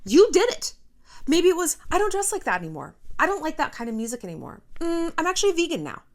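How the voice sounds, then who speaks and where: Blunt, animated woman giving a pep talk. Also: extremely high pitch, fast talker. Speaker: YouTube host. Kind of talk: casual motivational talk to camera.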